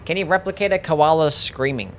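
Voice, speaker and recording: A man's voice: fairly high pitch, fairly quick, fairly bright tone. A young man streaming a game live, talking casually, swearing and reading chat aloud. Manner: laid-back, swears, reads chat aloud. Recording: faint music behind.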